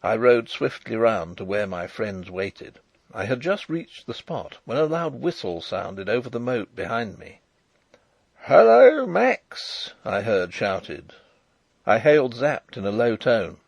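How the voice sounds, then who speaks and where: A man reading a novel aloud as an audiobook narrator, in a measured, dramatic storytelling manner. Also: lowish voice, expressive, no room sound. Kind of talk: first-person audiobook narration.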